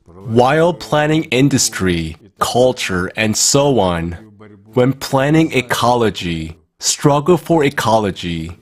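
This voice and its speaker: A man giving a slow, measured formal speech at an online conference. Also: mid-range voice, big pitch swings. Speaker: conference speaker.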